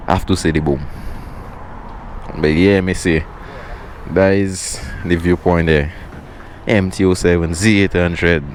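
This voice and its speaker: A man's voice: low-pitched, a little hiss or hum. A man with a Saint Lucian accent, chatting casually to his viewers in a slangy motovlog from a roadside viewpoint. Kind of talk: casual vlog commentary. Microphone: helmet-mounted action camera.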